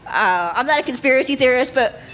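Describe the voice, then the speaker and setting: A woman's voice: sits high, animated, fairly quick, a crowd in the background. A woman doing a live stand-up set on stage, often laughing at her own jokes. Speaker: stand-up comedian. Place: live comedy show stage.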